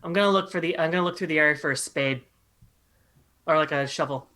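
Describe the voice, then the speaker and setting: A woman's voice: sits low, fast, a bit bright. A woman playing a tabletop role-playing game, talking in a decisive, playful way. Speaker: player. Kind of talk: tabletop role-play chat.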